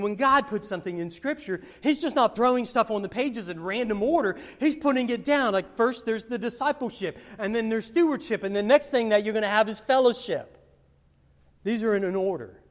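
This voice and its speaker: In a high-pitched voice, a male pastor delivers a sermon full of rambling personal stories. He repeats words and shifts between loud and hushed passages.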